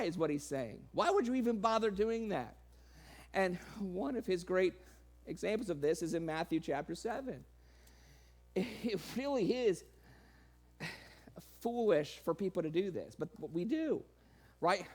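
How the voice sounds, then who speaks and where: Male preacher, high voice, lively sermon delivery with sarcastic humor and frequent laughs. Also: a little slow, long pauses. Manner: animated, laughing, sarcastic asides, quoting in raised voice.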